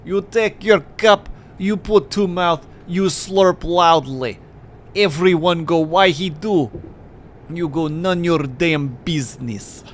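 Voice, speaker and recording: A man voicing a blunt, deadpan man named Boris, speaking broken English in a put-on Russian accent. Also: a little high, slow pace, a little hiss or hum.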